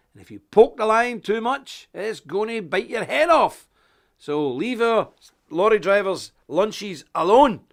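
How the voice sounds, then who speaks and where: A man presenting a live online show, talking in an animated, folksy rant while unwell with a stuffy nose. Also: medium pitch. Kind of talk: live broadcast chat and rant.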